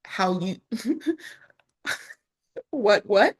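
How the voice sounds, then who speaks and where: A woman's voice: medium pitch, very animated, extremely slow, pauses often, breathy edge. A woman speaking to camera in a casual vlog about her online business, chatty, with frequent laughs and restarts.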